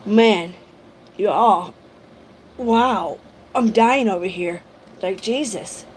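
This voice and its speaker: A woman's voice: mid-range voice, extremely slow, a little hiss or hum. A woman hosting a reaction livestream, exclaiming in shock and chatting with her viewers. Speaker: host.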